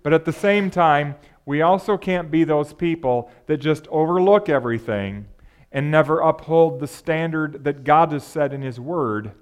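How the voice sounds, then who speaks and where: Speaking in a slightly high male voice, this pastor delivers his sermon conversationally. He often turns to the congregation with rhetorical questions.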